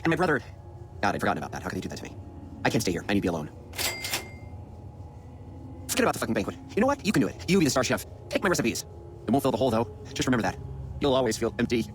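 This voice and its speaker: A man's voice: medium pitch, very animated, rapid-fire, noisy background, lightly acted. A man voicing a cursing tyrant chef. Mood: self-pitying. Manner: ranting, profane, self-pitying. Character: abusive foul-mouthed male head chef. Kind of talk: video game voice acting.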